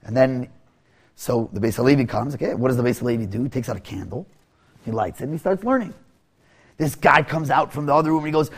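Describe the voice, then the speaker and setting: A man telling a teaching story, often halting, repeating words and restarting. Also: mid-range voice, expressive, slightly rough. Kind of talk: storytelling lesson.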